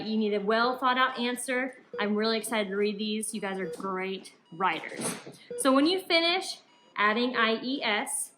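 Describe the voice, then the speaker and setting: Upbeat woman teacher, bright voice. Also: on the high side, slight background noise, low-quality recording. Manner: upbeat, encouraging, talks fast to young children. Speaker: elementary school teacher. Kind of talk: recorded remote lesson instructions.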